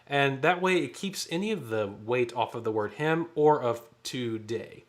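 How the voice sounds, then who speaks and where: A man's voice: mid-range voice, lively intonation, normal speed. A man leading a choir rehearsal, counting off beats and singing short phrases to show how they go. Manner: counts off beats and sings lines to demonstrate. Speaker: choir director.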